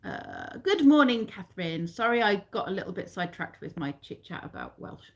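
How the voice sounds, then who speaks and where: A woman's voice: on the low side, huge pitch swings, normal speed, creaky. Chatty English woman rambling on a live stream. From England. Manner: rambling, chatty, self-correcting. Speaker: vlogger chatting with live viewers. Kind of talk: casual live-stream chat.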